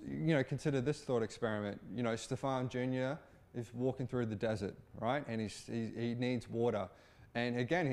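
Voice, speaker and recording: A man giving satirical political commentary in an informal, halting way, with frequent restarts. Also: medium pitch. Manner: informal, repetitive restarts, occasional swearing.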